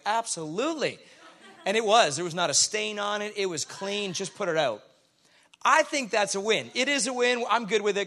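A man's voice: high-pitched, fairly bright tone. A middle-aged man, a pastor preaching a sermon full of chatty, self-deprecating stories.

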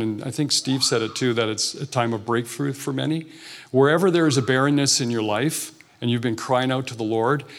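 A man preaching an informal, earnest sermon in a church sanctuary, talking conversationally and often restarting his sentences. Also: medium pitch. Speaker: guest preacher.

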